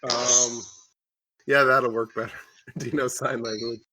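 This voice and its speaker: A man hosts a comedy podcast over a video call. He keeps things relaxed and joking, and he chuckles often as he talks. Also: medium pitch, a little slow, no room sound. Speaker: podcast host. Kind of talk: casual chat on a video call.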